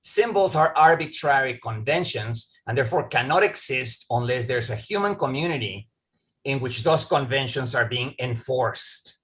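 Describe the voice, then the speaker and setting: A man's voice: mid-range voice, lively intonation, moderate pace, fairly bright tone. A man answering an audience question in a lecture over a video call, talking discursively, repeating words as he starts sentences and often checking in with "right?". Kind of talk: academic Q&A answer.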